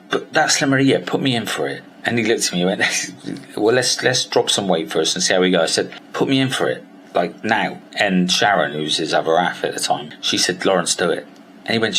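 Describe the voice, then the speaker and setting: With a little background noise, a low-voiced man from Somerset, England recounts something personal. He's a weight-loss coach, open and sweary in manner. He plays out both sides of conversations with animated voices.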